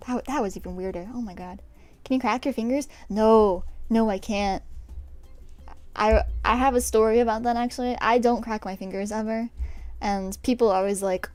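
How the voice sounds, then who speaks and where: A young woman with a mid-range, slightly mellow voice streams herself painting her nails, chatting casually with viewers. Her talk rambles and is self-deprecating, and there's no echo.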